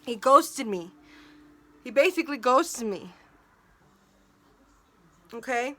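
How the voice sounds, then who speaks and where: A woman's voice: sits high, animated, slow, long pauses, bright, forceful tone. A young woman telling a personal story on her vlog, emotional and venting, filled with "like" and quoted dialogue.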